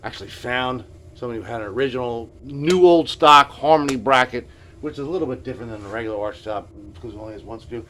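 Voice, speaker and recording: A man's voice: medium pitch, quick pace, bright, forceful tone, a little hiss or hum. A middle-aged man telling a rambling, casual story in his home workshop. He stammers and mutters, often trailing off into near whispers. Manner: stammering, mumbling, drops to near whispers, lots of filler. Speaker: guitar repair vlogger. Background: furnace.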